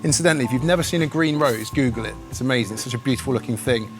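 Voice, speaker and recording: A man's voice: medium pitch, racing. An enthusiastic man presenting gardening tips outdoors in a casual, chatty way, with jokey asides. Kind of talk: casual outdoor how-to demonstration. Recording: music bed under the voice.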